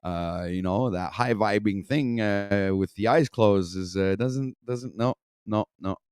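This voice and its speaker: Speaking at a measured pace in a lowish, smooth, darkish voice, this male stream host reacts to a video. His commentary wanders and is crude, constantly laced with curses, rants, and fillers he trails off into. There's no room sound in the recording.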